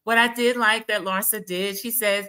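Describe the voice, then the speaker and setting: A woman's voice: mid-range voice, steady tone, normal speed, bright, forceful tone, clear, resonant tone. A woman hosting a casual, gossipy recap of a reality TV episode, talking straight to her viewers. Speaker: TV recap host.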